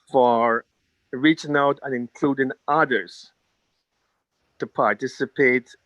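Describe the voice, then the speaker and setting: A man's voice: mid-range voice, fairly bright tone. A man who leads a labor union, giving an earnest, rallying speech over a video call at an online town hall and repeating his key phrases.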